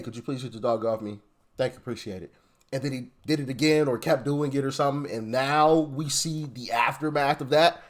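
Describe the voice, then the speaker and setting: A man commenting casually on a viral clip, talking straight to the viewer in slangy, animated speech. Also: fairly high pitch.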